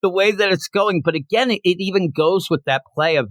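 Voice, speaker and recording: Excitable man recapping a comic. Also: fairly quick, few pauses, dry recording. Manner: animated, acts out quotes with big pitch jumps. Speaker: comic book reviewer, co-host. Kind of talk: casual review chat, retelling the plot.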